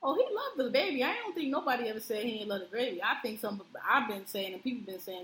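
A woman co-hosting a casual chat, blunt and animated, telling stories with acted-out quotes. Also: a little high, quick pace, few pauses. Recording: roomy with faint background noise.

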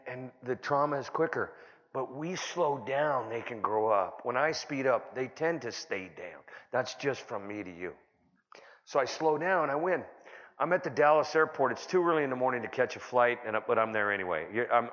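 Rambling middle-aged comedian in a boomy hall. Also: male voice. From California. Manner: rambling, self-interrupting storyteller with sudden loud bursts. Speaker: stand-up comedian. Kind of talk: stand-up comedy set. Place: conference hall. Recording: dull, boomy conference hall recording.

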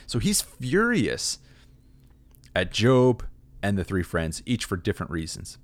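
A man teaching a Bible passage in a relaxed, conversational way, with wry asides. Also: mid-range voice, slow, long pauses, dry recording. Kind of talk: casual scripture commentary.

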